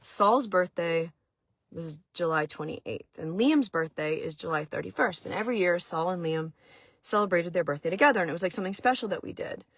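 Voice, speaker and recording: Speaking briskly in a lowish, slightly bright voice, a middle-aged woman from Maine shares a personal story as host of a chat stream, animated and emotional. She is chatty, uses many fillers and restarts, and occasionally turns to address her viewers. There's no echo, just clean studio sound.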